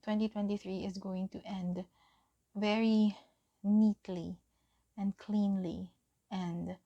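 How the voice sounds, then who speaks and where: A young woman giving a pick-a-card tarot reading, gentle and encouraging, often giggling and saying um. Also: mid-range voice, level tone, takes it slowly, gravelly, dull audio. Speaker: tarot reader.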